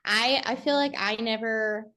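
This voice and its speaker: A woman's voice: a little high, fairly even intonation, a little slow. A woman in her thirties, a podcast guest who chats casually and laughs often. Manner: laughs often, soft and chatty. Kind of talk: casual chat.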